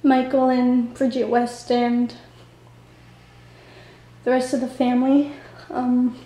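Female vlogger on the verge of tears, soft and mellow, flat and hesitant delivery, echoey room. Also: fairly high pitch. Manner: halting, hesitant, soft-spoken. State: fighting back tears. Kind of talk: tearful video tribute.

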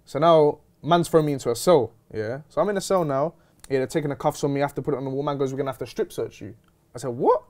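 A young man telling a story in casual chat, slangy and animated. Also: mid-range voice, quick pace. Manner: animated, slangy, retelling with quoted dialogue. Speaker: host.

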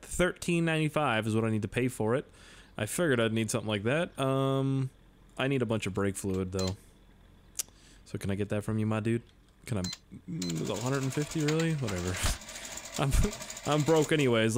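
An excitable man talks through a game he is playing, jumping all over his pitch and yelping whenever something goes wrong. He swears freely and jokes constantly, sounding a little tipsy, with a faint hiss under his voice. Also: brisk. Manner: excitable, profane, jokey, yelps and laughs at the game. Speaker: gaming video host. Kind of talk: gameplay commentary.

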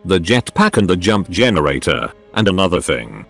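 A man's voice: low-pitched, sing-song, moderate pace, gravelly, a bit bright, full character voice. A synthetic male voice voicing a scheming ancient robot sorcerer who speaks formally and with menace, over faint music. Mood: cold. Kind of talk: synthetic storybook narration.

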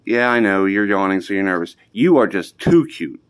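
A man, scolding his pets in a home basement for a casual vlog in a mock-stern way that keeps softening into affection. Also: deep voice, animated, normal speed, clear, resonant tone. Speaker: pet owner.

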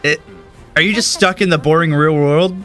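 Excitable young man with a bright voice. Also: a little high, moderate pace, soft background music. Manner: excitable, gushing exclamations. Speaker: gaming YouTuber. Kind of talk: excited trailer reaction.

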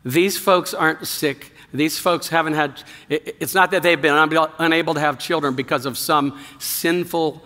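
A man's voice: fairly high pitch, fairly even intonation, normal speed, pushed and bright, in a large hall. A man preaching a sermon as pastor of a church, in a conversational way, with fillers and asides. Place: church sanctuary.

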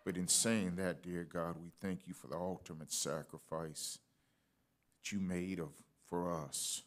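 A man leading a slow, earnest spoken prayer during a church service. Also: sits low, fairly even intonation.

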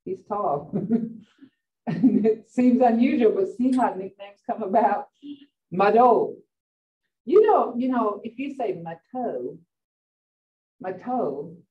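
A woman teaching a language class, saying words slowly and repeating them to stress their sounds and tone. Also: mid-range voice. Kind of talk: pronunciation lesson. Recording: dull, roomy, distant from the mic.

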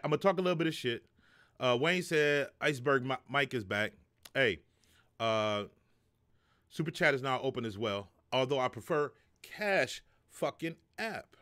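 Animated profane live-stream host, man. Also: mid-range voice. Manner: loose, profane, joking, reads chat aloud. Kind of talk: casual live-stream talk.

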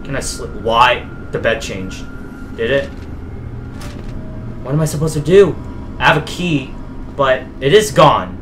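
A man's voice: mid-range voice, big pitch swings, a little slow, long pauses, a bit bright, soft background music. A young man streaming a horror game. He reads the in-game diary notes aloud, mutters to himself, and swears and yelps at the scares. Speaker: gameplay streamer.

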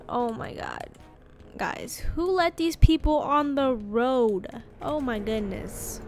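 A woman hosting a gaming channel, talking through gameplay in casual commentary, excitable and rambling, often breaking into exclamations. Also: sits high, slow, faint music behind.

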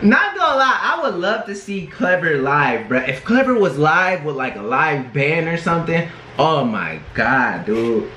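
A man's voice: on the high side, big pitch swings, unhurried, sharp tone, a little hiss or hum. A man in his twenties hosting a casual reaction video. He talks in a slangy, laid-back way, sprinkling his sentences with "bro" and "bruh". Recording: roomy echo with faint music. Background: faint music from the video being reacted to.

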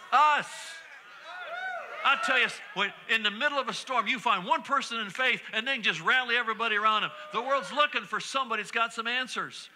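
A middle-aged male pastor preaching a sermon in a church, repeating refrains and breaking into sudden shouts. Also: extremely high pitch, noisy background. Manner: preaching with call-and-response repetition and sudden shouts. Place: church sanctuary.

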